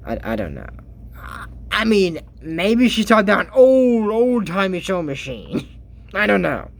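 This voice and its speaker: Animated, exasperated cartoon recapper. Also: medium pitch, a little slow, creaky. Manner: animated, exasperated, laughing asides. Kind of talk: casual comedic commentary.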